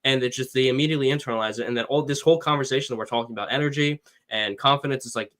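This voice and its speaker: A dating coach with a mid-range voice gives advice in a casual podcast chat. He's animated, acts out quotes, and swears casually.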